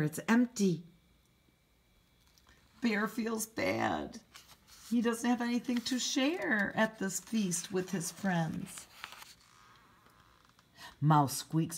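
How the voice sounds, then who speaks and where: A woman who teaches preschool reads a picture book aloud to small children in a low voice, gently asking them questions and explaining words as she goes.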